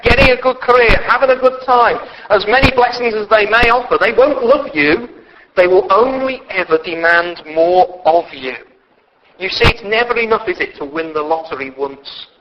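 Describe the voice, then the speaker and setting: Guy preaching in church, high voice, goes quiet then loud, dull lo-fi recording with faint hiss. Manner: impassioned, swings from quiet to loud. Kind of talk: sermon.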